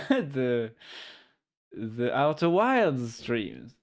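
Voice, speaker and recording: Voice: medium pitch, very animated, slow pace. A streamer with a French accent chatting casually on a live stream, laughing often and swearing offhandedly.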